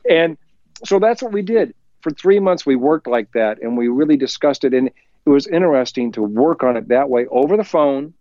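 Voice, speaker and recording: A man of middle pitch recounts a story to an interviewer, lively and chatty, switching voices for the people he quotes. The sound is dry, with almost no room echo. The top end is a little muffled. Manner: lively, acts out quoted voices, chuckles while telling; talks faster when excited. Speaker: musician guest. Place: home recording studio.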